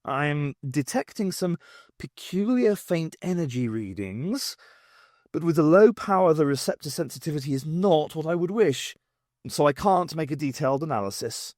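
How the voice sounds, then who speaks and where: An irritable male time traveller, as read by an audiobook narrator, lecturing briskly with dry sarcasm and a lively, rising and falling delivery. The recording is dry and close. He sounds impatient at being questioned. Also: a little high, dry recording, voice pushed up, lightly acted. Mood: explaining. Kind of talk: audiobook character voice.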